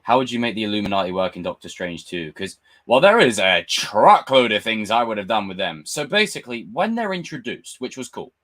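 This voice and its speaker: A man's voice: fairly low pitch, brisk, hardly any pauses. A young man hosting a live stream, chatting casually and ranting with lots of swearing. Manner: animated, swearing, ranting fan. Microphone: desk mic with camera.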